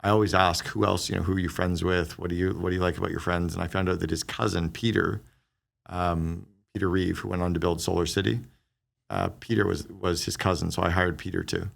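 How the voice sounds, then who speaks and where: A middle-aged man, a guest on a business podcast, telling stories in a quick, animated conversational way and acting out the dialogue he quotes. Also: deep voice, gravelly. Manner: fast, animated storyteller who acts out quoted dialogue.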